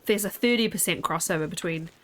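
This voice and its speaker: A woman's voice: on the low side, fast, a bit bright. A woman, streaming a game and chatting with viewers in a rambling, giggly way. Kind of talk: casual live-stream chat while gaming.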